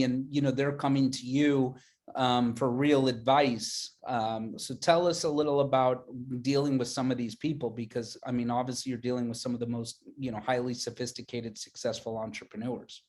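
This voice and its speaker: A man's voice: medium pitch, little pitch movement, normal speed, darkish tone. A man hosting a webinar interview, asking enthusiastic, rambling questions full of fillers. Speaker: interview host. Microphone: video call.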